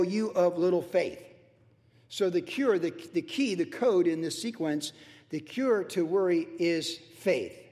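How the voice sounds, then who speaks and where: A man's voice: high-pitched, a little mellow, in a large hall. A male pastor teaching a verse-by-verse sermon in a loose, conversational way, repeating himself for emphasis. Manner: conversational, repetitive, acts out worried voices.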